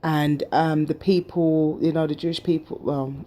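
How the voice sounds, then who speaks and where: A woman's voice: low-pitched, fairly even intonation, moderate pace, mellow. A British woman vlogging and telling a personal story in an emphatic way, repeating phrases for stress.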